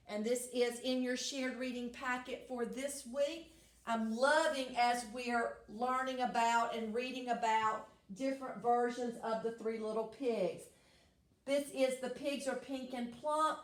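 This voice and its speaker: High-voiced cheerful teacher, slow sing-song. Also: female voice, fairly even intonation. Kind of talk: recorded class lesson with songs. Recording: echoey room.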